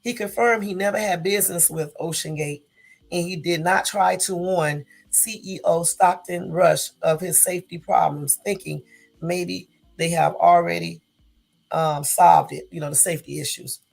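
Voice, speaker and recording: Woman, gravelly, on the low side, casual news commentary that stops to fix slips. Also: steady tone, normal speed, darkish tone, faint music behind. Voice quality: gravelly morning voice. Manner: reads aloud with self-corrections and asides.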